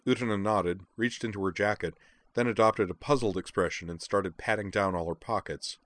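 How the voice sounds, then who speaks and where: A man narrating a story in a steady audiobook style. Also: lowish voice, brisk, dry recording.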